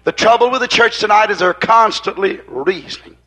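A man's voice: sits high, brisk, sharp tone. A man preaching a fiery sermon in a church, driving his points home with rhythmic repetition that swells and drops in intensity.

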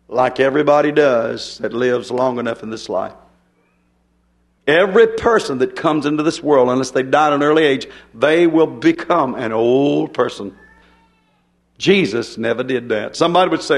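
A man's voice: fairly high pitch, animated, moderate pace. A man preaching a sermon in a folksy, emphatic way, often turning to the congregation with rhetorical questions.

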